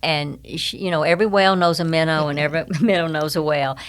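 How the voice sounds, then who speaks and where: A woman's voice: low voice, fast. An older woman with a Southern US accent, telling stories as a guest in a casual interview with folksy jokes and sayings. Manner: animated, joking, folksy sayings. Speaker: guest, humorist and speaker.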